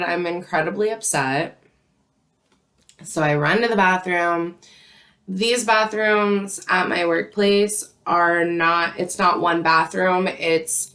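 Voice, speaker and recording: A young vlogger shares a work story in a lowish, slightly bright voice. It's a casual, unhurried chat packed with "like" fillers.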